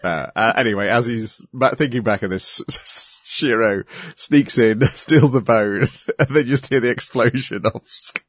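A man's voice: mid-range voice, measured pace, few pauses, husky, dry recording, clean studio sound. A man hosting a casual podcast about a cartoon series, recapping the plot and steering to the next topic. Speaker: podcast host. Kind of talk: casual anime review chat.

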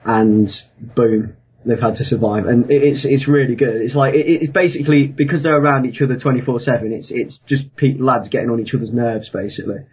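Super raspy guy rambling about a movie on a podcast, muffled lo-fi audio. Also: medium pitch, a little fast, a little mellow. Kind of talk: casual chat.

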